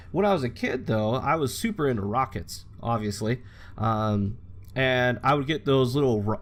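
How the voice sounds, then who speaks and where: A young man talking through his game session in a loose, rambling way, swearing casually as he goes. His voice sits at an ordinary middle pitch, with a faint hiss of noise under it. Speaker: gaming channel host. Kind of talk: casual gameplay commentary.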